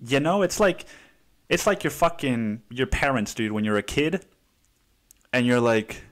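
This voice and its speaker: A man in the middle of a solo podcast rant, his voice sitting at an ordinary middle pitch. He rambles and swears freely, tossing in "dude" every few words. He keeps restarting his sentences with exasperation. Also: expressive, a little slow. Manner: profane, rambling, says "dude" constantly. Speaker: podcast host.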